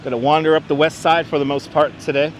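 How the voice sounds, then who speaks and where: A man with a fairly high, evenly pitched voice talks fast as he leads a chatty live-streamed walking tour through city streets, greeting viewers by name. He sounds a little congested from being under the weather and speaks into a wireless clip-on mic. Faint street and traffic noise sits in the background.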